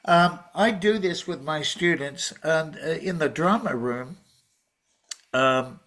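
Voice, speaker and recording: A man presenting a teaching workshop over a video call, talking in a relaxed, chatty way with many fillers and restarts. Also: fairly high pitch, slow pace. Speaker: teacher trainer presenting a webinar.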